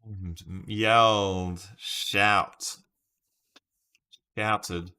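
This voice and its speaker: A man's voice: sits low, lively intonation, slow, bright, forceful tone. A man casually live-streaming a word puzzle, thinking aloud over his guesses and chatting with viewers by name. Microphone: webcam stream setup.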